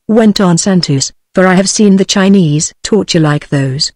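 A synthetic British woman's voice narrates a book in an even, machine-read manner. The sound is dry and close, with no room around it. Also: on the low side, a little slow, no echo. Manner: even synthetic reading, same voice for every character. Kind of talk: text-to-speech audiobook reading.

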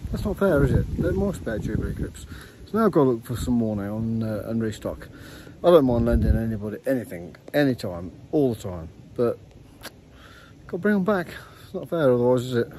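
A man's voice: mid-range voice, sing-song, a little fast, warm tone. A middle-aged man and racing driver chatting casually in a rambling vlog, full of restarts. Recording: noisy outdoor recording.

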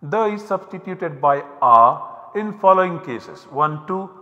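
Indian english guy lecturing slowly, pauses a lot, kinda dull recording with long hall echo. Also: on the high side, lively intonation, bright, forceful tone. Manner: measured, explanatory, with frequent pauses.

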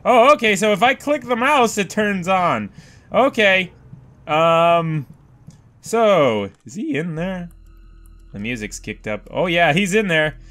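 Excitable high-voiced man gaming. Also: takes it slowly. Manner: excitable, swears a lot, yelps when startled. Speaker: gamer. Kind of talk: let's play commentary.

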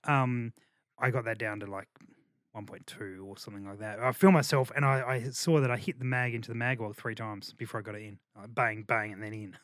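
A man's voice: on the low side, fairly even intonation, fairly quick, a bit bright, no room sound. A man hosting a casual podcast chat, laid-back and laughing often. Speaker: podcast host.

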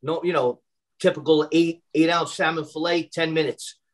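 A personal chef from Brooklyn, New York talks casually on a video call in a slightly high voice with fairly even intonation and a moderate pace. The recording is low quality, and his chatty speech is packed with fillers, restarts, and repeated opening words.

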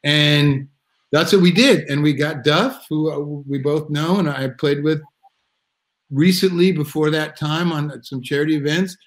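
Animated rambling man on a video call. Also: on the high side, a little slow, rough recording. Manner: animated, rambling with restarts and acted-out quotes. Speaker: drummer guest. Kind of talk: casual storytelling in a live video chat.

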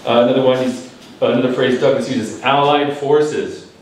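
Speaking at a normal speed in a steady, medium-pitched voice, a man gives live feedback to club members as language evaluator. He teaches patiently, explaining phrases and word usage and leading the room in repetition. The recording comes from a distant room mic in a very echoey hall, with slight background noise.

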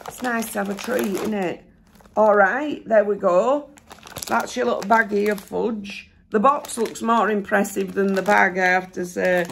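Gravelly Yorkshire mum vlogger, sore throat. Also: female voice, medium pitch, a bit bright, a little hiss or hum. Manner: rambling, homely, filler-heavy. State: sore throat, voice a bit rough; slightly out of breath. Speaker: haul vlogger. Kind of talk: casual chatty haul vlog. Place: seated indoors.

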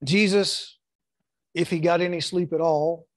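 A man's voice: fairly high pitch, steady tone, measured pace, no echo. A middle-aged man preaching a church sermon, emphatic, repeating words and acting out quotes. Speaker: pastor. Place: church sanctuary.

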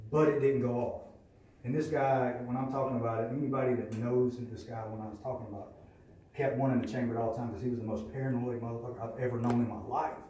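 A man tells his story at a recovery meeting, blunt and profane. His voice is dark and mellow, caught from a distance in a very echoey room with a faint murmur behind. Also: mid-range voice. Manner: candid, profane, plainspoken storytelling. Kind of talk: personal testimony.

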